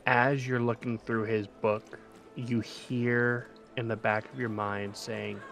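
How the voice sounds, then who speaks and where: A man's voice: medium pitch, level tone, takes it slowly, gravelly, a bit bright, soft background music. A man narrating a tabletop game as game master, laid-back with many fillers.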